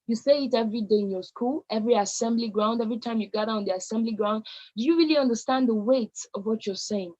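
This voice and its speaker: A woman's voice: a little high, quick pace, warm tone, highs cut off. A woman with a Nigerian accent giving an emphatic motivational talk to young people, stressing key words by repeating them. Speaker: conference speaker addressing young people.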